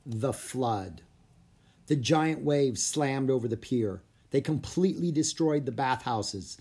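A narrator reading a children's storybook aloud in a steady, even manner. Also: medium pitch, slightly rough. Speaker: audiobook narrator.

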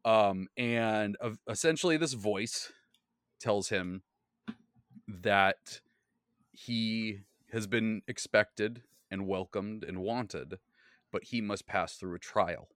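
A man's voice: fairly low pitch, takes it slowly, fairly bright tone, no room sound, clean studio sound. A man recapping a tabletop game session as its game master, in casual rambling talk full of fillers and self-corrections. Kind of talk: casual podcast storytelling.

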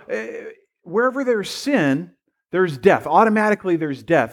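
A middle-aged male pastor giving a sermon in a loose, conversational way, full of asides and restarts. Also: sits high.

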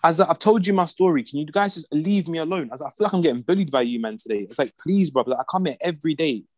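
A man's voice: fairly high pitch, rapid-fire, darkish tone, no echo. A young man telling a rant story in casual chat, full of slang and acting out the people he quotes. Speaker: podcast regular.

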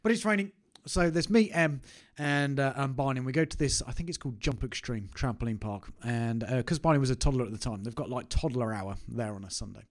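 A man's voice: mid-range voice, fairly quick, hardly any pauses. A man, telling a personal story to camera in a chatty, self-mocking way. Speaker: business owner vlogger. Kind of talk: casual anecdote to camera.

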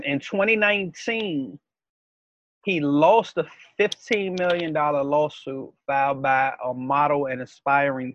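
A man's voice: fairly high pitch, a bit bright, muffled recording. A man co-hosting a podcast, laid-back and slangy, laughing easily. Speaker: podcast co-host. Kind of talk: casual chat.

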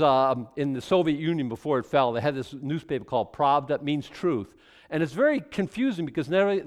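Male preacher, chatty verse-by-verse teacher, voice sitting a bit high and swinging a lot. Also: big-room sound. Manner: animated and conversational, with repeated restarts. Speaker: pastor teaching a Bible study. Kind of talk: sermon-style verse-by-verse teaching.

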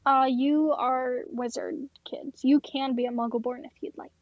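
A woman runs a tabletop game, narrating casually with many fillers. Her voice sits high, and the recording is dull and dry. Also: fairly even intonation, moderate pace, dry recording. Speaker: game master.

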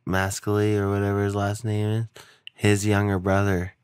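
Young man, podcast co-host, casual rambling chat, swears a lot, low voice, dry close sound. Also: monotone, normal speed, a little mellow, clean tone, no room sound. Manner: rambling, swears a lot, acts out quotes with big jumps in pitch.

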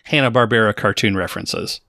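A man's voice: on the low side, a little fast, gravelly, sharp tone, no echo, clean studio sound. A man in his forties hosting a podcast in a jokey, chatty way, now and then bursting into silly voices. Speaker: podcast host. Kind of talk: casual podcast chat.

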